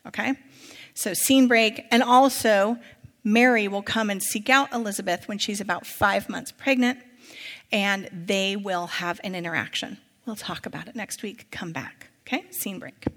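A woman with a fairly high voice preaches in a church sanctuary, moving between scripture reading and loose, chatty asides to her listeners. Her voice rings out with the long reverb of a large hall. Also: normal speed, fairly bright tone.

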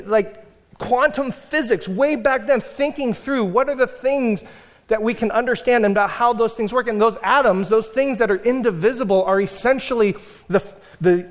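High-voiced male pastor lecturing. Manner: conversational, lecturing, animated storytelling. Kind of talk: sermon.

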